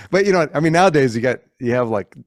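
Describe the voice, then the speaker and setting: A middle-aged man spins a casual story in a dry, close sound with little room in it. His pitch sits in a plain middle range. He keeps restarting and correcting himself, and he jumps into the voices of the people he quotes. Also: no echo. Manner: animated anecdote teller who acts out quoted voices; frequent restarts and self-corrections. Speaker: interview guest, keyboardist.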